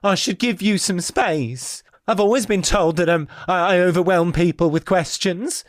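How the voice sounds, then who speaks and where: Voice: mid-range voice, normal speed, no echo, clean studio sound, close to an everyday voice. A player voicing a polite, overly chatty man who overwhelms people with questions and keeps apologizing. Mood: apologetic. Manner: apologetic, rambling, fussy.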